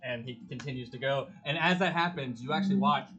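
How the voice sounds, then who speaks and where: A man's voice: medium pitch, quick pace, sharp tone, breathy edge, muffled recording. A man player in a tabletop game who talks eagerly and often stammers. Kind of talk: tabletop role-play.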